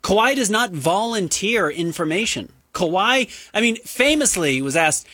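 Bright, slightly high man co-hosting sports radio. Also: big pitch swings, dry recording, clean studio sound. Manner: wry, quick quips. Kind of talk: casual sports radio banter.

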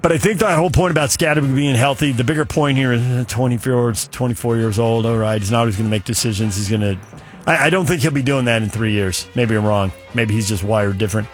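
A man's voice: medium pitch, quick pace, faint music behind. A middle-aged man hosting sports talk radio, rambling through opinions and a long story. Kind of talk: casual sports talk monologue.

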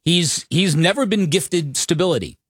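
A chatty male sports radio co-host with a somewhat high voice, who stumbles into his points and restarts them before landing them emphatically. The sound is close and dry, straight from a studio microphone. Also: lively intonation, moderate pace, a bit bright, husky, no echo.

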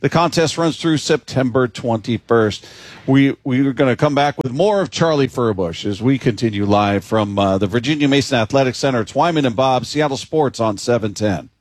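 A man hosting a sports radio show, teasing guests and reading a contest promo in a brisk way. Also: mid-range voice, a little hiss or hum. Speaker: radio host. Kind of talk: radio hosting and live read.

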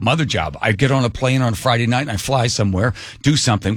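A man co-hosting a radio talk show, telling a story in a casual, animated way and acting out the voices of the people he quotes. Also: fast, hardly any pauses, no echo, studio quality. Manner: animated, acts out quoted voices, jumps pitch for emphasis.

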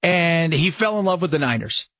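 A man hosting a radio talk show, talking sports in an excitable, animated way. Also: on the high side, normal speed, dry recording.

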